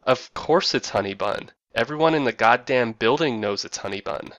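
A man reading a scripted narration with a dry, wry deadpan delivery. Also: mid-range voice, moderate pace, no room sound, highs cut off.

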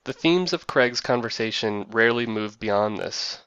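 Guy narrating in a deadpan wry way, low clear voice, super dry sound. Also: moderate pace, no room sound, muffled recording. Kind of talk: scripted narration.

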